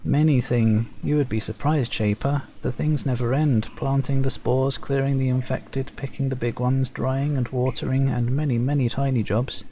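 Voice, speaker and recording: A man voicing a meek, tired male servile farmer who speaks in halting, eager-to-please phrases. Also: medium pitch, flat delivery, warm tone, a little hiss or hum, pitched above the performer's own voice, lightly acted, poor audio. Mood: earnest. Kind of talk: let's play voice acting.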